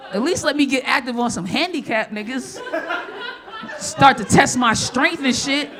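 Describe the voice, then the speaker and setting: A woman performing a live stand-up set on a comedy club stage, brash and profane, with sudden loud outbursts. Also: high-pitched, animated, normal speed, crowd noise.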